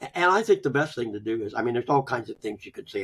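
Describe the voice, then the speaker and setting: An older man telling personal stories in a folksy, conversational way, often chuckling and trailing off softly. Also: mid-range voice, expressive, quick pace, a little hiss or hum. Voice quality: gravelly, husky. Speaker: guest, grief author. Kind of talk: conversational interview.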